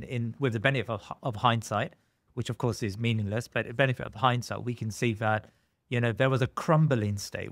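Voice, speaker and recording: A man hosting an interview podcast, asking long, measured questions with frequent pauses and fillers. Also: medium pitch, no room sound. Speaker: podcast host.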